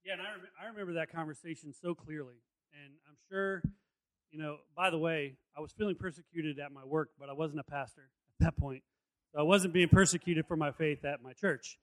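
A man who works as a pastor, co-hosting a talk show and giving earnest, measured advice to listeners. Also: on the high side, a bit bright. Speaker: pastor, co-host. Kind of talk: casual chat, giving advice.

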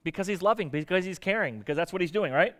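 A high-pitched male pastor delivers a sermon in a casual, conversational way, constantly quizzing his listeners with questions. His voice rings out in a large church hall with a long, lingering reverb. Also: lively intonation, quick pace, a bit bright. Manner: conversational, asks the audience questions. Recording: echoey hall.

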